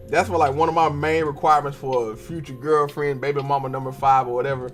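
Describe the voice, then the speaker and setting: A young man hosting a podcast, telling profane and animated stories in a casual monologue while he draws. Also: medium pitch, fast, faint music behind. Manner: profane, animated storytelling with slangy cussing. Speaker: podcast host.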